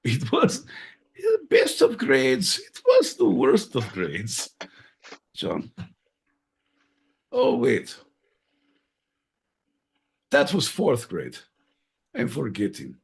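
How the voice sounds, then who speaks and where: A man voicing a gruff, stern Russian man, with a put-on Russian accent and deadpan broken grammar. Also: medium pitch, extremely slow, long pauses, exaggerated voice.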